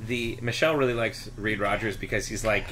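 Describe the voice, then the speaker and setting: A man hosting a podcast in a casual chat, playful and quick to react. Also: on the low side, a bit bright, slight background noise.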